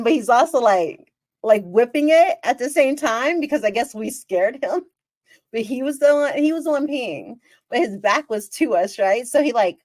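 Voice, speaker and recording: A woman's voice: a little high, no echo. A woman hosting her own podcast, telling a story in a casual, chatty way with lots of exclamations. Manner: animated, chatty, exclaims and re-enacts scenes. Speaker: podcast host.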